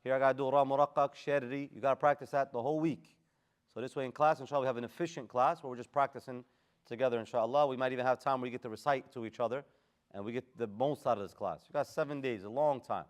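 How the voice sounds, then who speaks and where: A man's voice: medium pitch, fairly even intonation, fast talker. A man teaching Quran recitation in a class, giving casual, direct corrections and modeling the Arabic sounds. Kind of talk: live tajweed class instruction.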